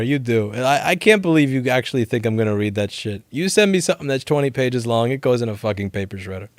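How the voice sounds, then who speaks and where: Live from his repair shop, a man hosts a casual question-and-answer stream, talking animatedly in a medium-pitched voice with lively intonation. He speaks fast with few pauses, swears and laughs often, and there's no room sound.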